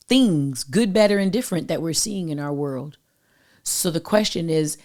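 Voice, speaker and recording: Woman host, lowish voice, emphatic, slangy, direct advice monologue. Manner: emphatic, preachy, uses slang and direct address. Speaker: podcast host giving love advice.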